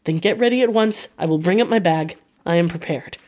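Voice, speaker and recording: A woman reading the lines of a grave, kindly old male professor, speaking slowly and formally in a storybook reading. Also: lowish voice, mellow, lightly acted. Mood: urgent.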